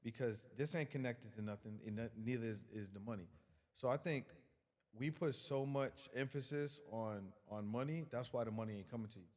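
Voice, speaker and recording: A man's voice: mid-range voice, normal speed, darkish tone, big-room sound. A man guest on a podcast giving a casual motivational talk, emphatic and colloquial, repeating words as he builds his point.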